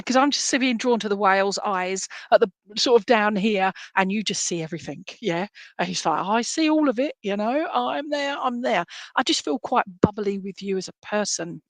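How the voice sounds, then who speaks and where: A woman's voice: mid-range voice, no echo. A woman giving chatty, reassuring psychic readings on a live stream, full of fillers. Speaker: psychic reader.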